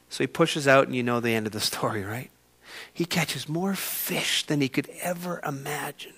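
A man preaching a sermon, retelling a story with sudden swings from quiet to loud. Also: fairly high pitch, moderate pace, husky. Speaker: pastor.

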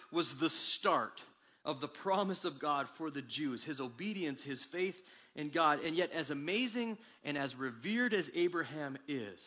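A male pastor preaches a sermon with animated delivery, climbing for emphasis and then dropping low and quiet. His voice is slightly rough.

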